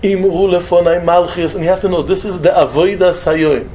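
A man giving a sermon, telling a story and mixing in Hebrew and Yiddish phrases, jumping between loud emphatic lines and soft murmured asides. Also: high-pitched, fairly even intonation, fairly quick, slight background noise. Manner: peppers English with Hebrew and Yiddish words, short repeated phrases. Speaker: rabbi giving a talk.

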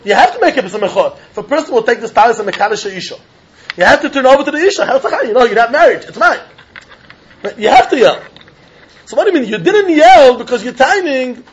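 A man giving a Talmud lecture, animated and chuckling as he acts out both sides of an argument. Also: very high voice, fast talker, husky. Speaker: Talmud teacher. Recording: dull lo-fi recording.

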